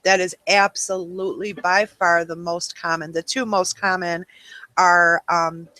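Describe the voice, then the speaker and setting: A woman hosts a webinar with a bright, forward voice. She talks casually and rambles, filling gaps with ums and you-knows. The sound is dry and close, with no room around it. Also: lowish voice, flat delivery, measured pace, dry recording. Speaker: webinar host.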